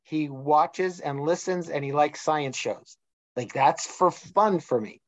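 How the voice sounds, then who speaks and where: A man's voice: fairly high pitch, takes it slowly, dry recording. Middle-aged guy chatting, tells stories and does the voices of people in them, dry sound. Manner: storytelling, acts out quoted dialogue. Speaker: guest. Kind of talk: casual discussion. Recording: dull lo-fi sound.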